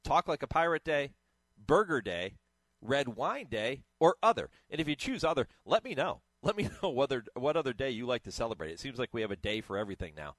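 A man's voice: medium pitch, sing-song, a little fast, no room sound. Man hosting a morning radio show, dry. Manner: conversational, chuckling, enthusiastic.

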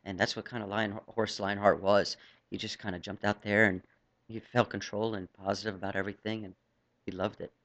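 A man's voice: lowish voice, flat delivery, fairly quick, fairly bright tone, highs cut off. A middle-aged man from New Jersey, a jockey guest chatting loosely and laughing often in a radio interview.

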